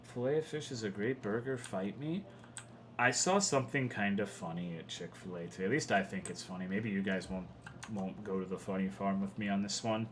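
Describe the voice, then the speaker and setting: A young male streamer from Texas talks through a video game in a loose, rambling way, swearing freely as he gets frustrated. His voice sits on the low side. Faint keyboard typing sounds under his talk in a home setup. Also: fairly quick, a bit bright, slight background noise. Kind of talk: casual livestream commentary.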